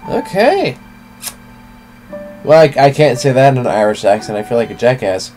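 A man's voice: medium pitch, big pitch swings, normal speed, darkish tone. Chill gaming commentary guy, lounging in his chair, swears a lot, voice bounces up and down, bit of music under it. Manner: laid-back, swears casually, thinks aloud. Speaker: let's play host. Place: at home, reclining in a chair.

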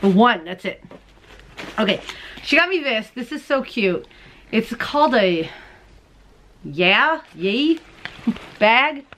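A woman's voice: on the high side, big pitch swings, slow pace, long pauses, fairly bright tone. A woman hosting a crochet and knitting show, chatting casually to camera as she opens mail at home, bubbly and gushing and often laughing. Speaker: crochet and knitting podcast host.

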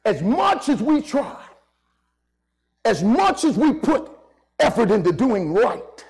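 A male preacher with a strikingly high, gravelly voice delivers an impassioned church sermon. He speaks slowly, leaning hard on key words and urging the congregation to say amen. His pitch swings widely as he preaches. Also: very animated, a little mellow, low-quality recording. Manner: impassioned, drawn-out emphasis, calls for amens. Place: church sanctuary.

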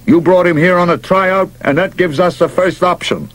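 A man voicing a brash, loud-mouthed baseball manager who talks gruff tough-guy slang and shouts orders. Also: medium pitch, a little slow, pitched above the performer's own voice. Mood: pushy, scheming. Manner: pushy, excitable, barks and shouts.

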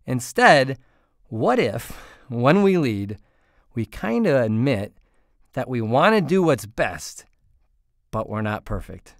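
Man hosting a podcast, smooth voice. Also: medium pitch, no room sound, clean studio sound. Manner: earnest, reflective, leads the segments. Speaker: podcast host.

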